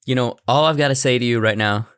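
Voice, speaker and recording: A man's voice: medium pitch, a bit bright, clean tone, no echo, studio quality. A man co-hosting a podcast in casual chat, joking around with film references. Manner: jokey, quick with film references. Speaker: podcast co-host.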